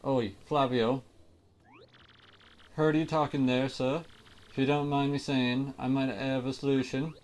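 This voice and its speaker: A man voicing a rough-spoken male sailor in a video game, with a heavy put-on accent and slangy speech. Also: mid-range voice, level tone, unhurried, long pauses, a little mellow, pitched above the performer's own voice, natural voice. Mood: eager.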